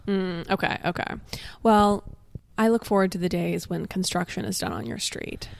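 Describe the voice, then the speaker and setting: A woman co-hosting a podcast in casual chat, asking brisk, teasing questions. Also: fairly low pitch, steady tone, vocal fry, dry recording, clean studio sound. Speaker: podcast co-host.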